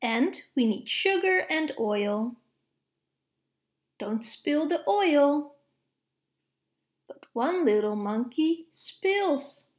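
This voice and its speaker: A woman reading a picture book aloud to young children, expressive, with playful hushes and sound effects. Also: sits high, very slow, long pauses. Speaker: storybook reader.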